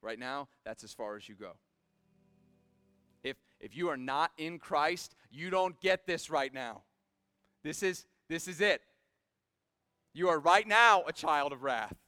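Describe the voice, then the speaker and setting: A man preaching a sermon to a live audience. He swings from hushed pleading to shouted exhortation and drops in casual, joking asides. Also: on the high side, animated, unhurried, long pauses, clear, resonant tone, dry recording, clean studio sound. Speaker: pastor.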